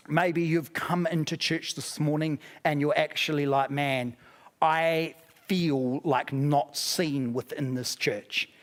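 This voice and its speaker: New Zealand male pastor, high light voice, chatty sermon storyteller with self-mocking humor. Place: church auditorium.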